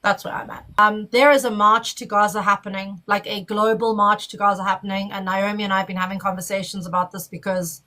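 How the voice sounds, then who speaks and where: A woman's voice: medium pitch, flat delivery, a little fast, few pauses, bright, forceful tone, low-quality recording. A woman hosting a live chat, speaking bluntly and emotionally, with swearing.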